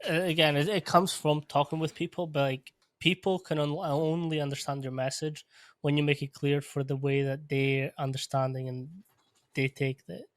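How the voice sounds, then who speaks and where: A man who coaches athletes and hosts a podcast, talking in a measured, reflective way. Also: a little high, level tone, no echo. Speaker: podcast host, strength coach. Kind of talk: casual podcast conversation.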